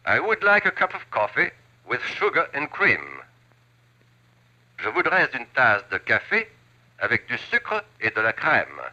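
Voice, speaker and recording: A language-course record teacher drilling phrases with slow precision. His tone is very bright, and the audio is dull like an old sitcom soundtrack. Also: fairly high pitch, very animated, full character voice. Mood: instructive. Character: male language-record instructor voice.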